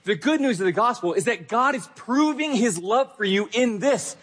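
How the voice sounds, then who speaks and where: A pastor delivering an emphatic, earnest sermon, repeating key phrases. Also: male voice, high-pitched, expressive, moderate pace, a bit bright, breathy edge.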